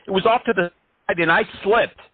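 A man putting on a whiny, aggrieved caller who piles on crude complaints. His husky voice sits high and comes over a narrow, phone-like line. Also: fairly quick. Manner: exaggerated complaining, crude jokes.

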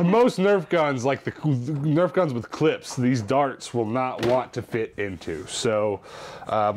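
A man vlogging about his thrift store finds in an animated, chatty, jokey way. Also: on the low side, a little hiss or hum. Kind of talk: casual chat.

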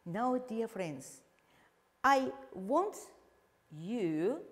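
A woman English teacher with an Azerbaijani accent, slowly explaining a televised lesson with frequent fillers. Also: on the high side, big-room sound. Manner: slow, deliberate explaining with fillers.

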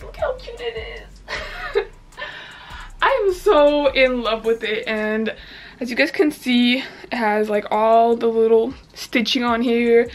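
A bubbly young woman chats through a try-on haul, gushing about every piece in a fairly high voice. She sits a bit back from the mic, and soft music plays faintly behind her. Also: distant mic. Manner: bubbly, gushing, heavy "like" filler. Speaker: fashion vlogger.

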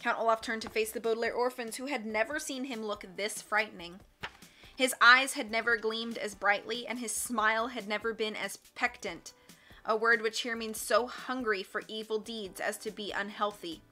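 Bright-voiced woman reading a storybook. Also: fairly high pitch, steady tone, normal speed. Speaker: audiobook reader. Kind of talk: storybook narration. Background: faint music.

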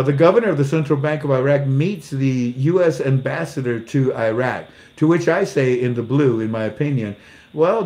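A man's voice: mid-range voice, darkish tone. A man reading news articles aloud and mocking them with sarcastic jokes and acted-out exchanges. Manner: sarcastic, jokey, acts out little dialogues; laughs at his own jokes. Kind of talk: casual commentary.

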